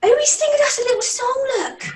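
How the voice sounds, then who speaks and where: This is a woman putting on a deadly earnest ghost-hunting medium with a put-on regional accent, cooing and coaxing the spirits to come out. The voice is pitched up high. It is recorded in a roomy space, a little away from the mic. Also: fairly quick, darkish tone, recorded from a distance.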